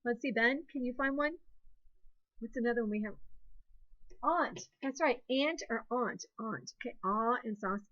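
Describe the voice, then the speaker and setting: Encouraging Ohio teacher, lo-fi sound. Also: female voice, a little high, normal speed, pauses often, a bit bright. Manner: patient, encouraging, sing-song teacher talk. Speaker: second grade teacher. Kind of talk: phonics lesson, call-and-response with pupils.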